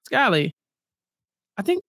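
Man, high voice, dry close sound, animated casual recap chat, acts out quotes. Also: slow, dry recording. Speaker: podcast co-host.

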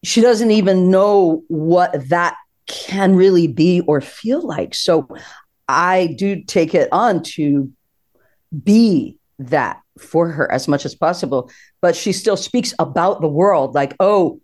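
A woman guest on a podcast, telling a personal story in an animated, expressive way and laughing often. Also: fairly low pitch, slow.

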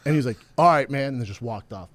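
Man telling a deadpan anecdote. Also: mid-range voice, rapid-fire. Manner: deadpan, quotes others in dialogue.

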